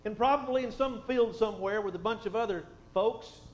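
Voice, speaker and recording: Male pastor, high voice, folksy asides, dull roomy recording with faint hum. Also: brisk. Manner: folksy, conversational asides, drops soft then swells for emphasis. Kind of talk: sermon with scripture reading.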